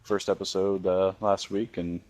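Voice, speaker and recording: A man with a very low voice talks as a guest on a casual gaming podcast. He rambles, restarting sentences and filling gaps with ums and likes. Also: level tone, normal speed, a little mellow. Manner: rambling, with many fillers and restarts.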